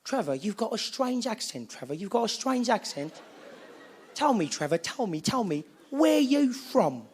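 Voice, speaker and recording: A stand-up comedian acting out an overeager man who loudly lectures a newcomer, repeating himself and laughing as he talks. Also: sits high, sing-song, moderate pace. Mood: curious, gushing. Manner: loud, insistent, repeats himself, laughs while talking.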